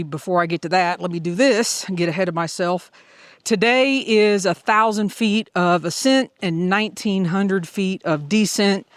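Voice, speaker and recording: A woman's voice: mid-range voice, clean tone, dry recording. A middle-aged woman with a Southern US accent, telling an upbeat, chatty hiking story in a casual audio vlog. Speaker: hiker vlogger.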